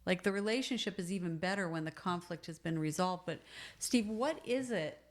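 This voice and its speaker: A woman's voice: lowish voice, fairly quick. A middle-aged woman co-hosting a podcast, chatting in an affirming, conversational way. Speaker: podcast co-host.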